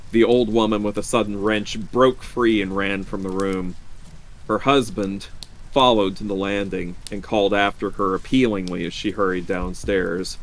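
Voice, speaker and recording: A man reading a horror story aloud on a live stream with a measured, dramatic delivery. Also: lowish voice.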